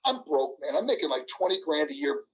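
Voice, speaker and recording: Animated storytelling man in his sixties. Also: on the high side, brisk, low-quality recording. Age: 60s. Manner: animated, laughing, acts out voices. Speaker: guest, former wrestler. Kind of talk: storytelling interview.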